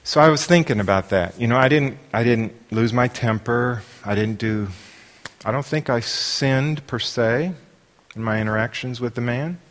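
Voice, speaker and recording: A man's voice: medium pitch, normal speed. A man preaching, telling a personal story in a loose, rambling way with many fillers. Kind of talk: sermon anecdote. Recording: long hall reverb.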